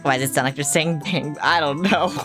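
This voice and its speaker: A young woman with a low voice chats her way through a video game stream at home, talking to the characters and cursing now and then. Loud game music plays under her voice the whole time. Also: a little fast. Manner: chatty, swears casually, talks to the game. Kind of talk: live gameplay commentary.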